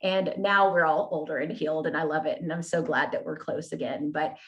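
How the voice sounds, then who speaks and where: A woman's voice: deep voice, fairly even intonation, fairly quick, muffled recording. A woman guest telling her personal story in an earnest, candid way, often checking in with "right?" and "you know?". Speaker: podcast guest.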